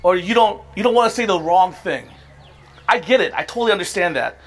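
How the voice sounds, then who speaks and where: A man's voice: sits high, animated, a little fast, a bit bright. A man preaching a sermon to his congregation, conversational and emphatic, sometimes laughing at himself. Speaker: pastor. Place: church service.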